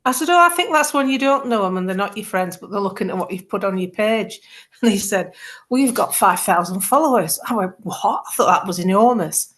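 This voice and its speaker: Middle-aged woman, guest on a talk show, lively storyteller who acts out every quote. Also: medium pitch, a little fast. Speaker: political campaigner, guest. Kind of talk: casual chat.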